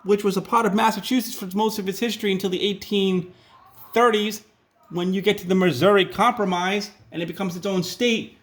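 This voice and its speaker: High-voiced Rhode Island teacher. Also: male voice, steady tone, a little fast, a bit bright. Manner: joking asides, chatty. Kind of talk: casual classroom lesson.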